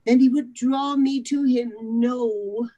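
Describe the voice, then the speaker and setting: Woman reading a novel aloud, expressive. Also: on the high side, measured pace, highs cut off. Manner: expressive with occasional stumbles. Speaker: narrator in a charity readathon.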